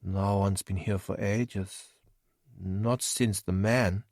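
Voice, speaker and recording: A man's voice: low-pitched, fairly even intonation, takes it slowly, a little mellow, no room sound, studio quality, heavily acted. A man voicing a simple, childlike cave creature who talks in a naive, earnest way in a storybook.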